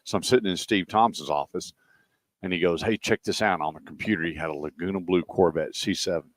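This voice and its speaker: A middle-aged man with a drawl and a very low voice hosts a radio show from a car dealership. His sound is close and dry, with no room around it. He tells stories in an animated, folksy way. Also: fairly quick, no room sound. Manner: folksy, animated anecdote teller. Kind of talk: casual chat and storytelling.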